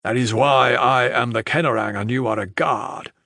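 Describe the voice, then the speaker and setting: Brief: emotionless inhuman general, gravelly and flat, unhurried, read by a man. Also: mid-range voice, no echo, studio quality. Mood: cold.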